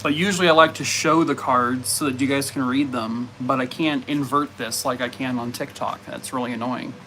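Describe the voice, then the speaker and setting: A man's voice: medium pitch, fairly even intonation, normal speed, bright, forceful tone, slight background noise. A man on a casual live stream, rambling with lots of fillers and breaking off to talk to his dogs at home. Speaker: live streamer chatting with viewers.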